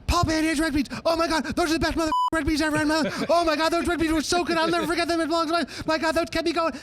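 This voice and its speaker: A man's voice: extremely high pitch, little pitch movement, rapid-fire, fairly bright tone, slight background noise, pitched above the performer's own voice. A man doing an impression of an older male soul musician who gushes, exclaiming over and over. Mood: gushing.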